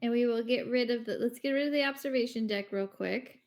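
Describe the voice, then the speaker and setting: Playful high-voiced woman. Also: brisk, a little mellow. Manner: playful, giggly asides. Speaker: tabletop game player. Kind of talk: casual chat.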